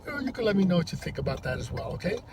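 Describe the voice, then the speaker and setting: A man who drives for a rideshare service, telling a story to camera in a halting, rambling way, from inside a parked car. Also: high voice, very animated. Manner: rambling, halting with many restarts. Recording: distant mic with loud traffic noise. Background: loud vehicle and road noise.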